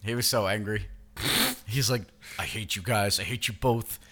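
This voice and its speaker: A man's voice: lowish voice, steady tone, moderate pace, pushed and bright. A man co-hosting a podcast, talking in crude, laughing banter among friends. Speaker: podcast co-host. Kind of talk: casual chat.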